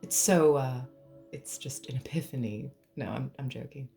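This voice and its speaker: A woman's voice: a bass voice, moderate pace, vocal fry, mellow, soft background music. A woman giving a pick-a-card tarot reading in a playful, joking way, now and then bursting into song. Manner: playful, laughs to lighten things, breaks into humming and song. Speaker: tarot reader.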